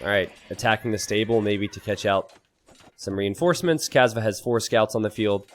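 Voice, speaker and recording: A man casting a strategy video game match, an animated commentator who breaks into loud, high-pitched disbelief and laughter. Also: normal speed, slight background noise. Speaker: game caster. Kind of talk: esports commentary.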